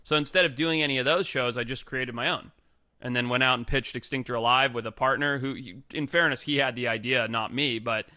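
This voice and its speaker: This is a man talking as a podcast guest in an easygoing storytelling mode, his voice bright and forward at a middling pitch. He swears without a second thought, leans on "like" constantly, and slips into lively impressions of the people he quotes. The sound is dry and close, with no room around it. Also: brisk, no room sound. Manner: profane, animated, acts out quoted people; heavy use of filler "like". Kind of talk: casual storytelling.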